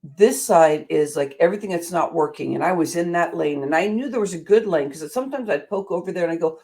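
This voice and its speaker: A woman's voice: fairly low pitch, lively intonation, brisk, hardly any pauses, darkish tone. A middle-aged woman hosting a motivational show, telling a personal story in an earnest, emphatic way. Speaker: show host.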